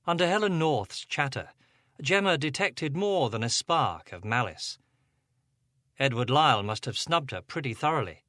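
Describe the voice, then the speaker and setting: A man narrating an audiobook, expressive and giving each character a voice. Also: medium pitch, normal speed, no room sound, clean studio sound.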